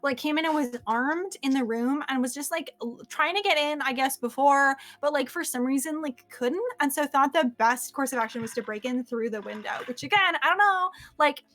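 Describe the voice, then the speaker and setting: A woman's voice: high voice, normal speed, hardly any pauses, a bit bright. A woman running a tabletop game as game master, chatty and playful, full of fillers and asides. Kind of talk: casual tabletop game narration.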